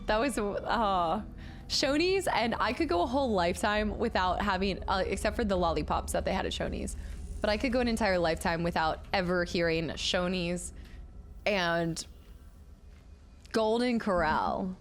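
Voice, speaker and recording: A woman's voice: mid-range voice, normal speed, slight background noise. A woman in her late twenties chatting casually on a gaming livestream, talking with her chat and laughing often. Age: late 20s. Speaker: streamer.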